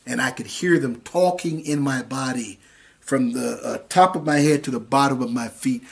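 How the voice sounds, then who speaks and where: A man's voice: medium pitch, moderate pace, vocal fry, breathy edge. A man preaching a sermon over the internet, mixing scripture with a dramatic personal testimony in a folksy manner. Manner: folksy, dramatic storytelling, acts out voices. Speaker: minister.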